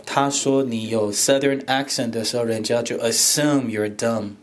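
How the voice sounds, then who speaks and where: A man from Taiwan giving a teacher workshop lecture, switching between Mandarin and English in an animated, joking way. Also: mid-range voice, moderate pace.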